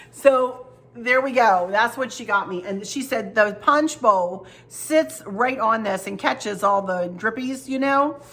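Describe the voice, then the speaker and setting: A woman's voice: a little high, slow pace, fairly bright tone. A woman home decor vlogger in casual chat at her kitchen table, telling stories and talking directly to her viewers. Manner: chatty, storytelling, talks to viewers directly. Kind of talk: casual chat showing gifts.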